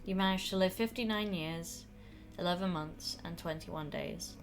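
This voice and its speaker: Woman doing a wry older witch at her sister's grave, soft and fond, lowish voice. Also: moderate pace, soft background music, lightly acted. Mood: wistful. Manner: wry, tender.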